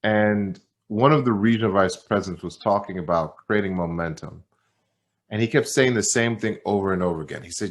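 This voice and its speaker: A man's voice: lowish voice, normal speed. A man giving a motivational talk at a company training event, telling a story and acting out both sides of a conversation with repeated phrases. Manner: animated storyteller, repeats phrases, acts out dialogue. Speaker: company executive speaker.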